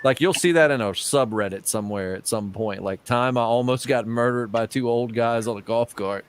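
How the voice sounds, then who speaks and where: A man's voice: medium pitch, normal speed, smooth. A man in his thirties, a podcast host, telling a rambling story in casual chat and laughing between the lines. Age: 30s. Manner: laughing storyteller, puts on voices for friends.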